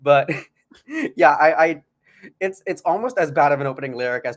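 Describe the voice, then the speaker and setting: A man co-hosting a podcast in casual chat, animated and playful, laughing often. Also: a little high, moderate pace. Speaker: podcast co-host.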